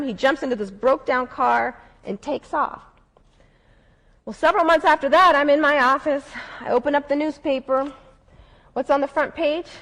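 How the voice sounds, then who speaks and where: A woman with a high voice gives an earnest, reflective talk. She speaks as a civil rights lawyer recounting an experience from her own work. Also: low-quality recording. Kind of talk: speech storytelling.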